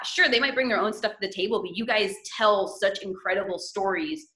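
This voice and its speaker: Bright-voiced woman commentator, echoey room. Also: medium pitch, fairly quick, hardly any pauses. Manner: rambling with restarts. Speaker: wrestling commentator. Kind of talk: casual video call chat.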